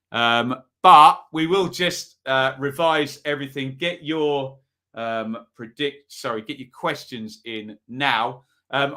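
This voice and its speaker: A football preview host with a medium-pitched, sharp-toned voice chats casually during his live predictions stream. He reads viewers' comments aloud and asks the chat for predictions.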